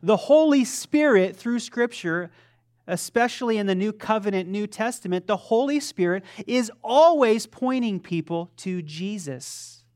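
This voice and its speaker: A man's voice: high-pitched, lively intonation, unhurried, darkish tone. A man preaching a sermon as a pastor. He talks conversationally, makes self-deprecating remarks, often restarts his sentences, and quizzes the congregation. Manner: asks the congregation questions.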